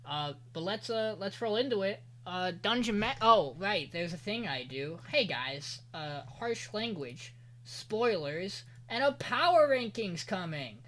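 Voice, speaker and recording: A man hosting an anime podcast, recapping an episode in a loose, profane way and quoting characters in quick voices. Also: sits high, sing-song, a bit bright. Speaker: podcast host.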